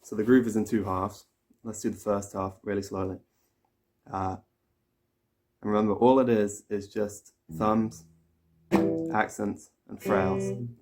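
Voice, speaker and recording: Low-voiced man teaching guitar. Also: steady tone, a little slow, pauses often. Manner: explains step by step, counts and sings pattern syllables while playing. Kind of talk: casual instructional talk. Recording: loud guitar playing over the voice. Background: acoustic guitar playing.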